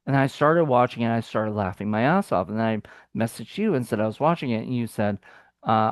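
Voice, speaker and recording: A man's voice: mid-range voice, animated, fairly quick, clean tone, no echo, studio quality. A man co-hosting a film review chat, talking casually and rambling with many fillers and restarts.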